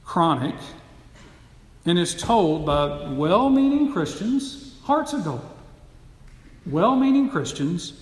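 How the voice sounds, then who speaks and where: A man's voice: high-pitched, sing-song, slow pace, long pauses. A man preaching a sermon, teaching earnestly and building to emphatic, repeated phrases. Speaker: pastor. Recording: echoey hall, long reverb.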